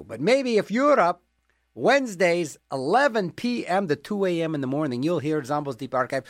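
On a request radio show, a man with a slightly high voice rambles and jokes in casual DJ patter, dropping self-mocking asides. The recording is studio quality with no room sound.

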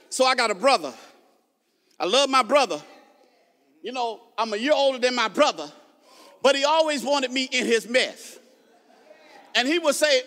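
A man preaching in a big hall, his voice pitched very high and ringing bright as it rolls off long reverb. He swings from low asides into shouted emphasis and trips over rapid repeated words. Playful jabs at the audience break up the sermon. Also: lively intonation. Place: large hall with a stage.

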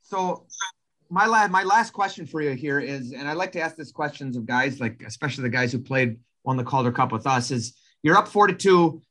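Guy co-hosting a hockey interview, chatty rambling questions, voice a bit on the high side. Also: animated, fairly quick, sharp tone. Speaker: interview co-host. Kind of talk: casual sports interview.

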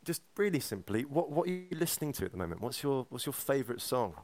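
A man's voice: mid-range voice, sing-song, fast talker, a little mellow. A man hosting a comedic podcast, speaking with frequent hesitant restarts and fillers. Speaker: podcast host.

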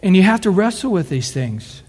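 A man's voice: sits high, sing-song, normal speed, a little mellow, breathy edge, long reverb tail. A middle-aged man preaching a sermon in an earnest, conversational way, acting out quotes as he goes.

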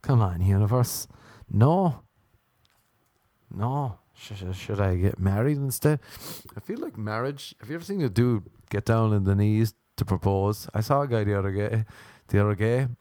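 A man performing a stand-up comedy routine, telling stories deadpan and breaking into animated voices for the people he quotes. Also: lowish voice, normal speed, dry recording, clean studio sound. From Ireland.

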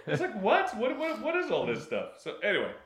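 A man co-hosting a casual chat, telling a movie story with lots of laughter and quick character impressions. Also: high-pitched, roomy sound, a little hiss or hum. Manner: animated storytelling, mimics characters, laughs often. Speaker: podcast co-host reviewing a movie.

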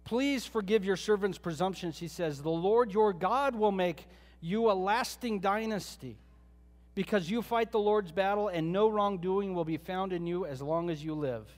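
High-voiced man preaching in a hall. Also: normal speed. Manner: conversational storytelling, retelling scripture with asides. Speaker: pastor. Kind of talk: sermon.

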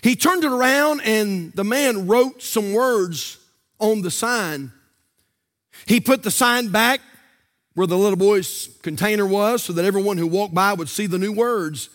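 An older man, preaching a sermon from a church pulpit in a fervent, sing-song cadence that rises to shouts. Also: sits high, unhurried. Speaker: pastor.

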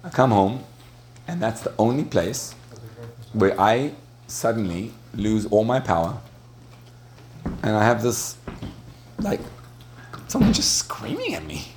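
A man with a lowish voice gives a storytelling talk to an audience. He speaks in a loose, conversational way, often stumbling and restarting. He laughs between points, and a faint hiss sits under the recording. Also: takes it slowly, long pauses, a little mellow. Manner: chatty, with frequent restarts and laughter.

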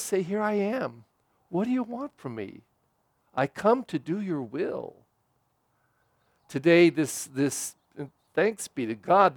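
A man's voice: sits high, dry recording. Man preaching a homily, dry close sound. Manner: conversational preaching, rising for emphasis and dropping soft for prayer. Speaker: priest. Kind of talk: homily at Mass.

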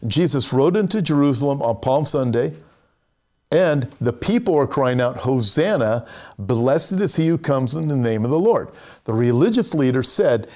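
A man preaching a sermon, emphatic, lifting his voice on quoted lines and slowing down to stress key words. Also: darkish tone. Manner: emphatic, rises in pitch for scripture quotes, slows to stress words. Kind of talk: sermon on prophecy.

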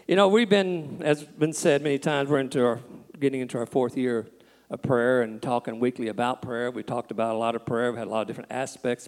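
A man's voice: mid-range voice, gravelly, big-room sound. Folksy man preaching in a church. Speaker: pastor. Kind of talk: sermon.

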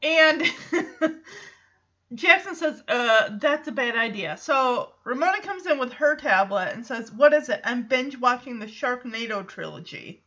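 A woman hosting a podcast, recapping an episode in a casual, animated way, acting out the characters' lines and laughing often. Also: fairly high pitch, unhurried, highs cut off. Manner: animated storytelling, acts out quotes, laughs often. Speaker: podcast host.

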